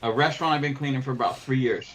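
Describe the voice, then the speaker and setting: Over a rough recording, a man of medium pitch talks very fast. As host of a casual podcast and a window cleaner by trade, he narrates a long, profane account of losing a cleaning client, lively and playing both voices in the dialogue.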